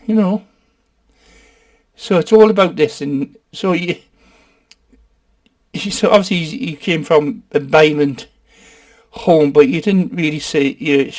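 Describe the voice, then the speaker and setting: A man's voice: a little high, a little mellow. A Geordie man hosting a casual comic film review, rambling and swearing as he jokes. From North East England. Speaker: film reviewer, channel host.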